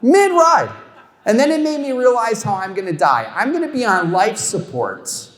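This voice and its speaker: A man's voice: high voice, normal speed. A middle-aged man performing a stand-up comedy routine on stage, telling self-mocking stories and chatting with the crowd. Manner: animated storytelling, self-mocking punchlines. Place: comedy show stage before a live audience. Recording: echoey hall with long reverb.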